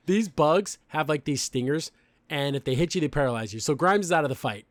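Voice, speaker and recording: This young podcast host, of Mexican family background, talks through a cartoon episode recap in a chatty, opinionated way with many fillers. He has a fairly high pitch and lively intonation at normal speed, captured in a dry recording.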